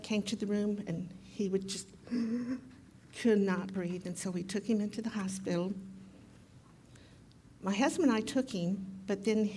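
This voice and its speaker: An older woman tells a heartfelt family story to a congregation, pausing on ums and restarting her sentences. Her voice sits in a middling range with a faint hum of noise behind it. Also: mid-range voice, darkish tone. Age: 60s. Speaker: guest speaker, pastor's mother. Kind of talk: personal testimony in church.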